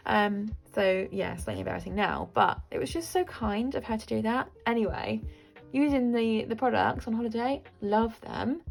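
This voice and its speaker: A woman's voice: on the high side, expressive, normal speed, creaky, soft background music. A woman in her thirties, a budgeting vlogger chatting casually to camera in a rambling, self-deprecating way.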